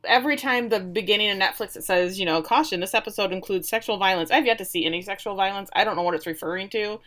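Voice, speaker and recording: A woman's voice: mid-range voice, quick pace, fairly bright tone. A woman co-hosting a casual recap chat, with wry, sarcastic asides. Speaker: podcast co-host.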